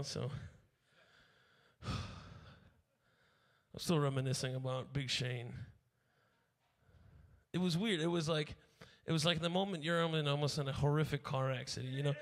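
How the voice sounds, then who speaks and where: A man hosting a live comedy stream, chatting in a laid-back, rambling way. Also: a little high. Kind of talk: casual chat.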